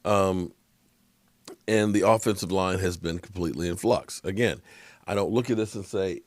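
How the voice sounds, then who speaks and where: Tired low-voiced man talking football. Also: lively intonation, normal speed, dry recording. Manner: rambling, conversational, frequent restarts. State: tired, yawning from lack of sleep. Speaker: sports commentary vlogger. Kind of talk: casual sports commentary monologue.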